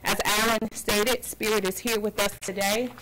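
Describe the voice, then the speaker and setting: Woman, city staff, official briefing, steady tone, noisy recording. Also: mid-range voice, normal speed. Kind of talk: staff presentation. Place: council chamber.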